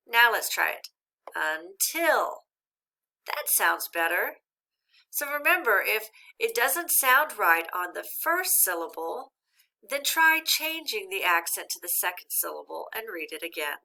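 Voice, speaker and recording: A woman teacher giving a recorded reading lesson, speaking slowly and clearly and encouraging young learners. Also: medium pitch, sing-song, sharp tone.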